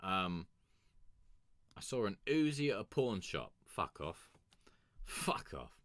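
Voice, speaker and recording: Male host, young, lively rambling storyteller, bright dry voice. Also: sits low, takes it slowly, no room sound. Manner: sweary, rambling, animated. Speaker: music review host. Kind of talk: casual storytelling.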